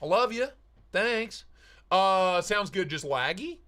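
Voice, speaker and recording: A man hosting a casual live stream, playfully greeting chatters by name with jokey shout-outs. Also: sits high, lively intonation, slow pace. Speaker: livestream host.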